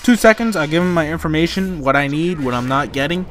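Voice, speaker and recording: A man's voice: fairly high pitch, expressive, fast talker, a bit bright, faint music behind. A young man from Canada, telling a rambling, exasperated story over gameplay commentary. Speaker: gaming YouTuber.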